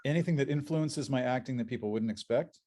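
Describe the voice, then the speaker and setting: Speaking fast and at medium pitch, a voice actor sits on a convention panel as a guest, recounting animated stories. He restarts frequently, repeating words along the way.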